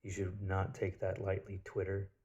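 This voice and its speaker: A man's voice: sits low, completely flat delivery, normal speed, darkish tone, dull audio. A man telling a personal story in a casual spiritual monologue, blunt and profane, with lots of filler words.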